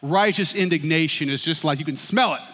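A middle-aged man preaching a sermon as pastor, with humorous, animated storytelling. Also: a little high, a little fast. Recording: reverberant hall.

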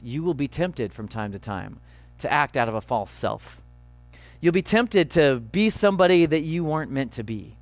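Male pastor, sermon delivery, emphatic and earnest, high voice, dry sound. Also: no echo. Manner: earnest, emphatic, slowing on key phrases.

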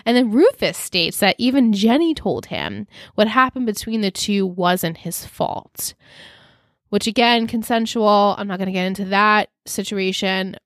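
A woman co-hosting a podcast, recapping a TV show in a lively casual chat, laughing and swearing freely. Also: medium pitch, measured pace, no room sound, studio quality. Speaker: podcast co-host.

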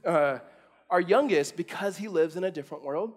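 A high-pitched man in his thirties preaches a sermon as if chatting with friends. He circles back, restarts his sentences and leans on fillers while he tells family stories. His voice rises and gets louder as he drives his point home. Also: moderate pace. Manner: casual storytelling with many restarts and fillers. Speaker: pastor.

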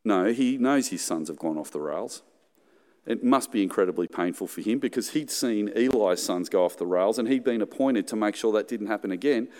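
A man's voice: on the low side, a little fast, darkish tone. A middle-aged Australian man preaching a sermon in a conversational way, with joking asides and acted-out quotes. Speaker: pastor. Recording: hall reverb.

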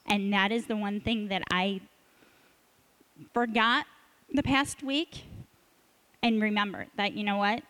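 A woman's voice: medium pitch, steady tone, unhurried, pauses often, a bit bright, low-quality recording. A woman in her thirties, a cheer coach, sharing an encouraging story with a church group. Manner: earnest, encouraging, speeds up when emphatic. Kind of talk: casual testimony sharing.

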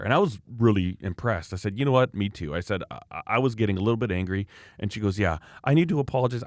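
A middle-aged man telling an animated story in casual chat, acting out other people's voices as he goes. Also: fairly low pitch, dry recording, clean studio sound.

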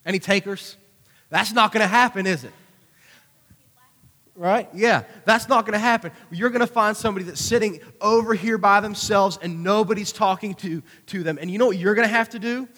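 Animated youth pastor in a reverberant hall. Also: male voice, sits high, brisk. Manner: animated, conversational preaching with acted-out asides. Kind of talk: youth sermon.

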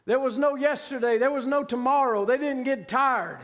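A man's voice: extremely high pitch, moderate pace, big-room sound. A man preaching a sermon with fervent emphasis and plain vernacular grammar as he recounts a vision.

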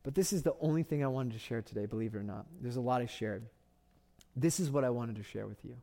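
A man preaches a sermon in a warm, dark-toned voice. He tells a story with passion and leans on repeated phrases to drive his points home. His pitch stays in an ordinary middle range. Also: fast talker, creaky. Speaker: pastor.

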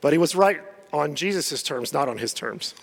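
A man's voice: fairly high pitch, expressive, moderate pace, gravelly, husky, long reverb tail. A male pastor preaching a sermon in a conversational way, laughing often and acting out the quotes he tells.

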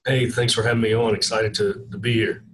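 A man with a Kentucky twang talks as a podcast guest. He explains policy in a plainspoken, measured way. A faint hiss sits under his voice. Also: lowish voice, flat delivery, fairly bright tone, rough recording. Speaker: guest economist. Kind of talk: podcast interview.

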